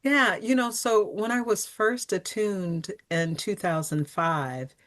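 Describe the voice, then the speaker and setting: Middle aged woman guest on a podcast, talks slow and thoughtful, middle pitch. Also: a bit bright. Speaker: podcast guest, healer and psychotherapist. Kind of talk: podcast interview.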